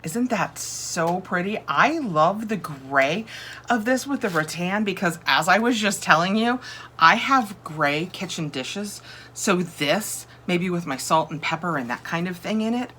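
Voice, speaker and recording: A woman's voice: fairly low pitch, animated, unhurried, bright, forceful tone, a little hiss or hum. A woman chatting casually through a home decor unboxing, thinking aloud and gushing over each item. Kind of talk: casual chat.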